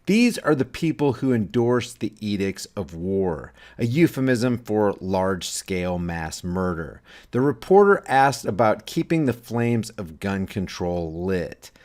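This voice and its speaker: A man with a fairly low voice reads his political commentary as a voice-over. His delivery is scornful and heavily emphatic, built on sweeping rhetoric. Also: sing-song, unhurried, hardly any pauses, a little mellow.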